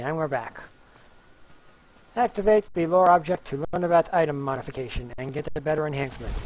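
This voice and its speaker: A man's voice: on the high side, lo-fi sound. A man casually commenting on a game he plays, joking and chanting little repeated words. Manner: playful, jokey, sings little chants. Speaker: gameplay commentator. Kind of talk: casual let's-play commentary.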